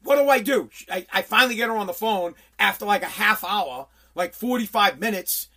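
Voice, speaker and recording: A man's voice: high-pitched, fairly quick, pushed and bright. A man hosting a solo podcast, ranting in an angry, profane way with lots of stumbling restarts. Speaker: podcast host.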